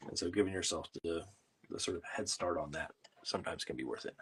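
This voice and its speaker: A man's voice: sits low, fast talker, fairly bright tone, slight background noise. A man hosting a casual livestream from a home studio, explaining things in a rambling way with plenty of fillers while he works on art. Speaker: host.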